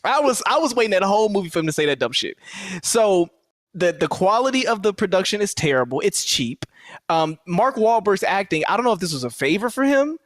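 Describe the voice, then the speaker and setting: Animated, profane podcast co-host. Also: male voice, high voice, quick pace, no room sound, clean studio sound. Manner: animated, profane, acts out quotes in voices. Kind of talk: casual movie review chat.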